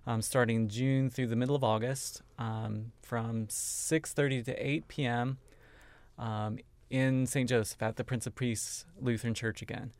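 Gravelly, mid-pitched male band director, dry studio sound. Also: no room sound. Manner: friendly, many "um" fillers, informative. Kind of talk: casual radio interview.

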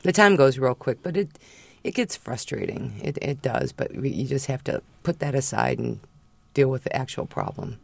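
A woman's voice: very deep voice, expressive, normal speed, vocal fry, a little mellow, slightly rough, no echo. Woman dog trainer, radio guest, reassuring and chatty, close dry mic. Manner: reassuring, chatty, personal anecdotes. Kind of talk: radio call-in advice. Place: radio studio.

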